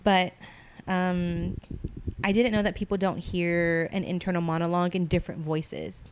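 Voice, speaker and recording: A woman telling stories in a relaxed, casual chat. Her voice sits a little low, and she talks in a slangy, lively way. She often slips into the voices of the people she quotes. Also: moderate pace, a little hiss or hum.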